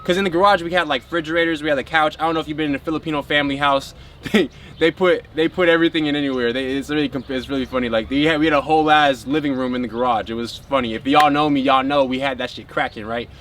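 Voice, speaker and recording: Casual, rambling man with a higher voice. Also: steady tone, very fast, fairly bright tone, slight background noise. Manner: rambling, heavy on filler words; addresses viewers as a group. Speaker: spiritual vlogger. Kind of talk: casual spiritual monologue.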